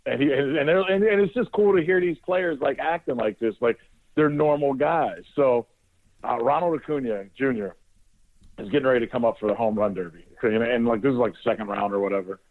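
A man's voice: mid-range voice, fairly quick. A male sports radio host telling a casual, rambling story on air, sometimes swearing and often restarting his sentences. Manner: rambling, profane, with frequent restarts. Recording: dry, narrowband phone-like audio.

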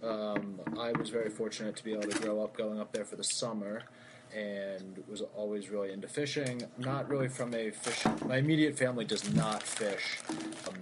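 A young man from Baltimore with a fairly low voice, chatting as a podcast guest. He tells his stories in a relaxed, rambling way full of fillers. Clear background noise runs under his voice. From Baltimore, USA. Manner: easygoing, rambling storyteller with fillers. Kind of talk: casual podcast interview.

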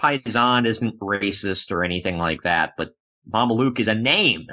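A man's voice: on the low side, moderate pace. A man co-hosting a casual podcast, joking around and acting out quotes in funny voices as he recaps matches. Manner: animated, jokey, acts out quotes in funny voices. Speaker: podcast co-host reviewing wrestling. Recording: dull lo-fi sound.

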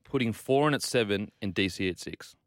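An Australian man hosting a casual podcast, trading upbeat banter and quick opinions with his guest. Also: lowish voice, no room sound, studio quality. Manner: upbeat banter, quick hot takes, fond of "mate". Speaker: podcast host.

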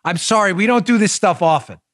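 Emphatic high-voiced male podcast host. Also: fast talker, no echo, studio quality. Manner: emphatic, animated storytelling with laughs. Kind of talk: opinionated political talk.

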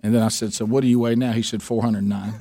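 A man's voice: on the low side, fairly even intonation, fast talker, mellow, dry recording, clean studio sound. A man telling a story on a radio show, rambling with many restarts and laughs. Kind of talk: casual on-air storytelling.

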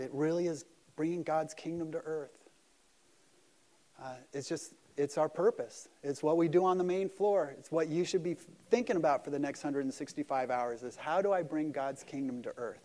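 A man's voice: fairly high pitch, normal speed, mellow. A man preaching a sermon at a church service, earnest and conversational, with self-deprecating asides. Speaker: pastor.

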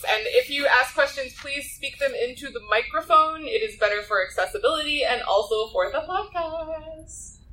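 A woman's voice: high voice, lively intonation, normal speed, pushed and bright, a little hiss or hum. A woman moderating a live podcast panel, playful and laughing as she steers the talk. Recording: distant mic in a room.

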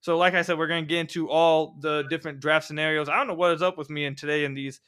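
A man hosting a casual sports podcast, talking fast and energetically and sometimes tripping over his words. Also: on the high side, steady tone, a bit bright, clear, resonant tone. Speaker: podcast host. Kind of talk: casual sports podcast chat and host-read ads.

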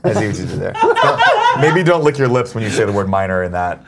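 A man's voice: lowish voice, huge pitch swings, fairly quick, vocal fry, a crowd in the background. Joking man co-hosting a morning show. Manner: joking, profane banter, reads viewer tips aloud. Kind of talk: casual chat.

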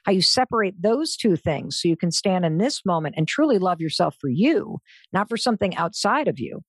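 A woman's voice: lowish voice, husky, dry recording. Motivational woman guest, emphatic and earnest, dry sound. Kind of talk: motivational conversation.

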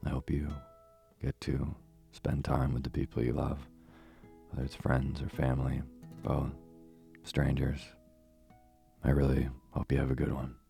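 Very deep, gravelly bedtime storyteller. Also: male voice, a little slow, soft background music. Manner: relaxed, informal. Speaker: bedtime story podcast host. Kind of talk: soothing bedtime story reading.

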